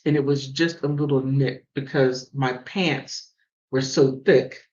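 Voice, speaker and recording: A woman from the mountains hosting a call-in show and telling stories in a casual, animated way. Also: moderate pace, highs cut off. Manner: animated storytelling with big pitch swings. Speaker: host. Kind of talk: casual chat.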